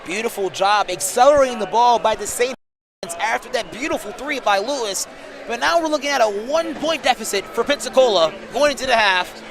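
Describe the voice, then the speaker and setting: A man calling college basketball play-by-play, excitable and shouting on big plays. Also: extremely high pitch, fairly quick. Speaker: play-by-play commentator.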